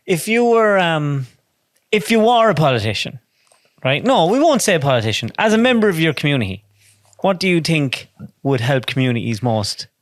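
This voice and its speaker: A man's voice: a little high, big pitch swings, normal speed, no room sound. A man hosting a podcast, asking his guest questions in a studio. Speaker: podcast host. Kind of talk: interview questions.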